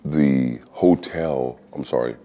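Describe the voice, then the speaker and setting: A man in his forties from the United States tells a casual anecdote as an interview guest. His voice sits very low, with a mellow, relaxed tone. He keeps the telling animated and slips into exaggerated voices for the other people in the story. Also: slow pace, lo-fi sound. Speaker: interview guest, former fighter.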